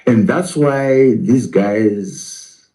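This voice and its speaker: A man's voice: lowish voice, extremely slow, dark tone, poor audio. A man, a professor, arguing in a political interview, asking rhetorical questions and answering them himself.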